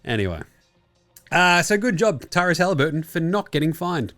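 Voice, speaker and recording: A man's voice: a little high, sing-song, moderate pace, fairly bright tone, faint music behind. A young Australian man hosting a casual sports chat show, jokey, rambling and full of swearing. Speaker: podcast host.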